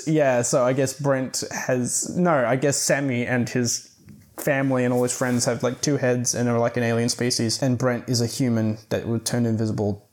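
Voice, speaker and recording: A man's voice: medium pitch, fairly even intonation, normal speed, a little mellow. A young man giving a casual, rambling book review full of restarts and filler words.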